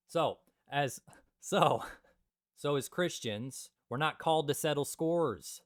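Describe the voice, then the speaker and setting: A young man hosting a comedic Bible commentary, joking with loud asides and quiet mutters. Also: fairly high pitch, takes it slowly, no room sound, studio quality. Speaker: Christian video host.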